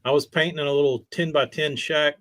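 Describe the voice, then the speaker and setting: A man from Texas joins a live chat as a guest. His voice sits fairly high, and he speaks a little hesitantly, hunting for words. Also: fairly even intonation, a little fast, fairly bright tone. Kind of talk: casual chat.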